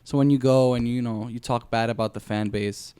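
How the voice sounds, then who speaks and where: A man's voice: mid-range voice, steady tone, brisk, warm tone, clean tone, no room sound. A man on a gaming podcast, talking in a casual discussion and explaining his views emphatically and at length.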